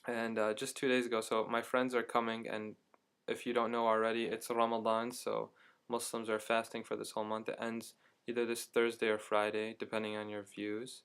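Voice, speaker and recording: A young man casually telling a story to his camera at home, chatty and animated, with many fillers. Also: on the low side, normal speed, clean tone. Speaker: vlogger.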